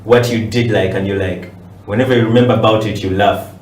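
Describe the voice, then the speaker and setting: A man's voice: on the low side, fairly even intonation, fast talker, a little mellow, far from the mic, slight background noise. A man hosting a casual interview, who encourages his guest and prompts him with short questions. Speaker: interviewer host. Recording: roomy, off-mic sound.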